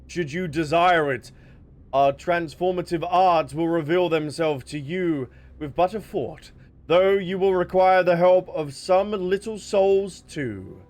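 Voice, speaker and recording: An ancient, gracious dragon in human form. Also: male voice, on the high side, darkish tone. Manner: formal, courteous, measured speech.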